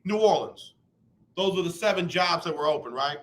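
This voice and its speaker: A man's voice: a little high, normal speed. A man hosting a radio talk show, chatting casually and acting out both sides of conversations. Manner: animated, acts out both sides of talks.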